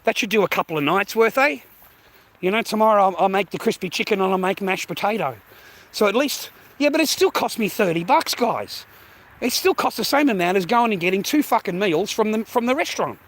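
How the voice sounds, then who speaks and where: Rambling high-voiced Australian man. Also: lively intonation, fairly quick, a bit bright. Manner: rambling, swearing, calls viewers mate and bro. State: out of breath carrying a heavy bag. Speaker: vlogger. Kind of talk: casual walking vlog. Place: outdoors walking in street. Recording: faint traffic noise outdoors.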